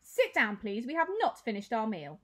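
A woman's voice: on the high side, very animated, normal speed, fairly bright tone. Woman putting on a haughty, cold rich mother. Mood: stern. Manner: imperious, disdainful. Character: cold haughty wealthy mother, middle-aged.

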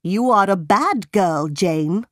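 A harsh, unloving aunt, read by a woman, scolds in a cold, measured way. She is a slow storybook voice, recorded close and dry. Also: medium pitch, animated, a bit bright, no room sound. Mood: scolding.

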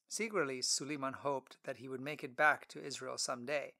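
A man narrating an audiobook story in a clear, expressive storytelling manner. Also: medium pitch, a little fast, few pauses.

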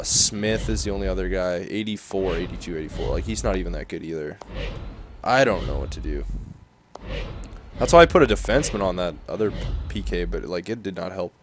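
A man's voice: lowish voice, background noise. Exasperated young man commenting on gameplay. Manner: exasperated, swinging from mumbling to frustrated outbursts. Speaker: gaming commentator.

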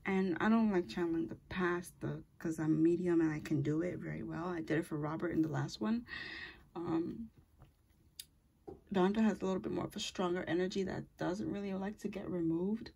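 A tarot reader gives a casual reading in a lowish, creaky, slightly mellow voice with a breathy edge, at a moderate pace. She's chatty and rambling, full of fillers, and often corrects herself mid-sentence.

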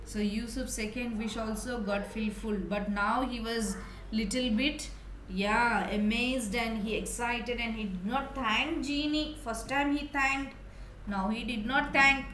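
A woman teacher explaining a story to young children, animated and asking them questions. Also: fairly high pitch, measured pace, echoey room, slight background noise, rough recording.

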